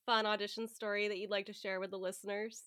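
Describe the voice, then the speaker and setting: Bright-voiced woman podcast host. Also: medium pitch, little pitch movement, fast, clean tone. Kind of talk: casual interview.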